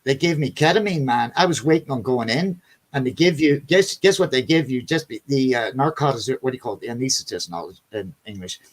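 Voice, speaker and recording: A man's voice: medium pitch, brisk. Rambling, cussing male chat host. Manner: rambling storyteller, swears freely, calls people buddy and man. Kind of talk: casual chat.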